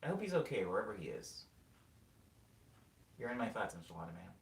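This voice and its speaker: A young man chats casually on a livestream, laughing as he rambles through anecdotes. His voice swings widely in pitch. He sits back from the mic in a roomy space with a faint hiss underneath. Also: brisk, creaky, distant mic. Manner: rambling, laughs often, animated storytelling. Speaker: livestream host reading chat. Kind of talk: casual chat.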